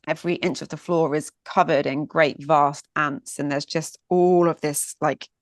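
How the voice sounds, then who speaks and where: A woman storyteller telling a myth in a dramatic, unhurried way, lingering with pauses on vivid sensual detail. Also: low voice, fairly even intonation, no room sound, clean studio sound.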